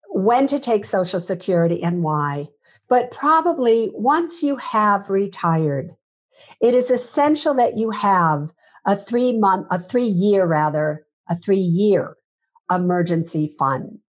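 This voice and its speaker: A woman's voice: medium pitch, sing-song, slow pace. A woman, a finance author, giving emphatic interview answers full of rhetorical questions.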